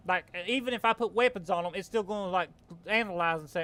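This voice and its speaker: Man, Southern accent, high pitch, casual game commentary, frustrated rambling. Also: fast talker, pushed and bright. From American South. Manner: frustrated, rambling, self-correcting. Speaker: gaming channel host.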